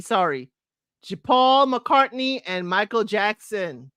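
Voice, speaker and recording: Slow-talking chatty woman podcaster. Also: a little high, animated, a bit bright, no room sound, studio quality. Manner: chatty, addresses listeners as y'all, sings snippets of lyrics. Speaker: podcast host. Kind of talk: casual solo talk about music.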